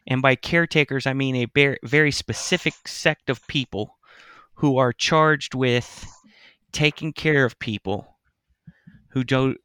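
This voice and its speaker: Bright, playful man, dry close mic. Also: medium pitch, clean tone, no room sound. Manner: teasing, playful, often laughing. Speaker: podcast co-host. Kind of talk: casual comedic chat.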